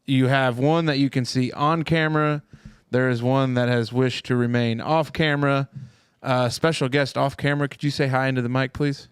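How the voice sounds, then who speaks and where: Podcast host, male, clear voice, dry booth sound, jokey and animated. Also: medium pitch, moderate pace, dry recording. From Indiana. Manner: loud, joking, animated. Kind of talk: casual chat. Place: small lounge room.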